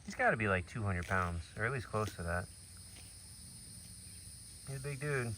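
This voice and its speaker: A man who keeps an animal sanctuary, narrating a casual vlog and chatting gently to the animals. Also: lowish voice, moderate pace, a little hiss or hum. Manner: relaxed, chatty, speaks softly to the animals.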